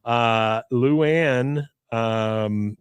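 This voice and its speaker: A male podcast host recapping a cartoon episode in a casual, animated way, acting out the characters' lines. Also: mid-range voice, extremely slow, smooth, dry recording. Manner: animated storytelling, acts out lines.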